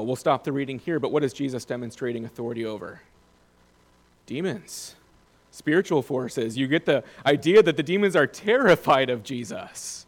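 A man's voice: mid-range voice, animated, unhurried. A man preaching a Bible recap, reading scripture aloud and then asking his listeners questions.

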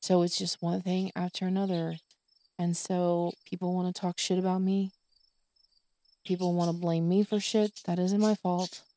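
A woman's voice: lowish voice, flat delivery, normal speed, warm tone. A woman hosting her own podcast, venting in a tired, exasperated monologue full of swearing. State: exhausted. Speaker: podcast host.

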